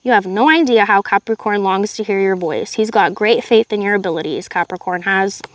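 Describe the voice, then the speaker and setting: A woman voicing a coarse male henchman who speaks in a blunt, rough way. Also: mid-range voice, brisk, no room sound, close to an everyday voice. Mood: gloating.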